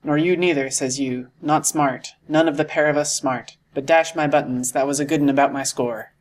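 A man's voice: fairly high pitch, fairly even intonation, moderate pace, natural voice. A man reading aloud and voicing a jovial one-legged old sea cook who talks in salty sailor slang, in an audiobook. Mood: mock-serious.

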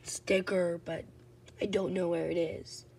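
Gravelly, slow-talking sick woman. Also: lowish voice, flat delivery, darkish tone. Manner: rambling, offhand. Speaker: vlogger. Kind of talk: casual vlog chat.

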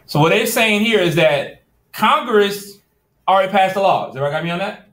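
High-pitched and a bit bright, his voice is expressive and fairly quick as he lectures students. The male teacher keeps things casual and direct, often making sure the class is following; the echoey classroom recording sometimes catches him far from the mic.

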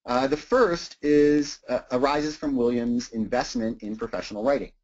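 A man's voice: medium pitch, fairly even intonation, moderate pace, a little mellow. A man giving an academic talk on teaching writing, thinking aloud with many "uh"s and repeated words. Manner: frequent "uh" and repeated words, thoughtful. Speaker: lecturer. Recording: dull lo-fi recording.

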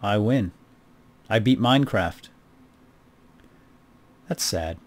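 Slow-paced but lively in intonation, a middle-aged man with a lowish voice plays a game on video. He keeps up a relaxed, dryly humorous chat with viewers as he goes.

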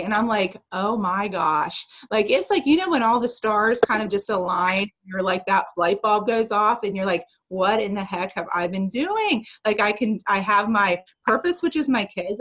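Woman on a video call gushing about her new team, emotional, talks kinda fast. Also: mid-range voice, a bit bright, low-quality recording. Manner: emotional, earnest, fast-talking. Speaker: new team member sharing her story. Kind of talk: casual personal testimony on a video call.

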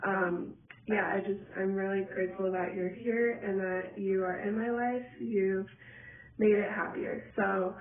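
A woman's voice: medium pitch, steady tone, a little slow. A woman speaks earnestly and a little hesitantly. She is set back from the mic in a roomy space. The audio is thin and phone-like. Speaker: friend from church. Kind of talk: recorded video message. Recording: echoey, distant, phone-like audio.

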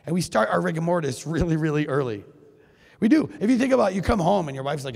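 A man giving a keynote talk at a men's conference, animated and joking, acting out quoted lines in his own voice. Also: a little high, fast talker, creaky. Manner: animated, jokey, acts out quotes. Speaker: keynote speaker. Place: high school venue. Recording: long hall reverb.

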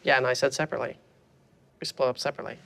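A man's voice: medium pitch, fairly even intonation, racing, gravelly, fairly bright tone. A man playing a comic ghost hunter, talking in a dim, literal-minded, eager way. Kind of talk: improvised comedy sketch.

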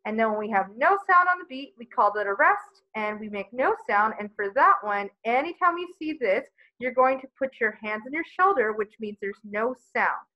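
High-voiced woman explaining rhythm to kids. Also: expressive, normal speed. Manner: friendly, explanatory, reviewing step by step. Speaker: music teacher. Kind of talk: children's music lesson. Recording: dull lo-fi sound.

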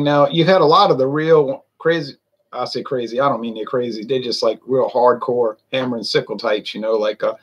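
Husky man rambling casually. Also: medium pitch, dull audio. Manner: folksy, meandering, many fillers. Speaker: vlogger reviewing drinks.

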